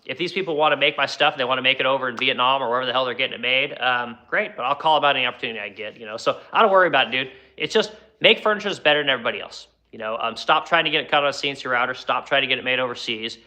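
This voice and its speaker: A middle-aged furniture maker from the United States answering viewer questions in a rambling, blunt way, swearing and filling pauses with "you know.". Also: male voice, mid-range voice, bright, forceful tone. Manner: rambling, profane, lots of fillers like "you know". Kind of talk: casual Q&A talk.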